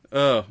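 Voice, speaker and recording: A man's voice: a little high, creaky, husky. A man co-hosting a podcast, chatting casually, rambling, swearing often and laughing a lot as he retells scenes. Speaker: podcast co-host. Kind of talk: casual chat.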